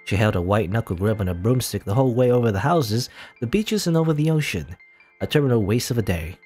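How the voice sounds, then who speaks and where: A man's voice: lowish voice, animated, quick pace, a little mellow, slightly rough, soft background music. A man hosting a let's play, reading a game's story text aloud with casual asides and chuckles.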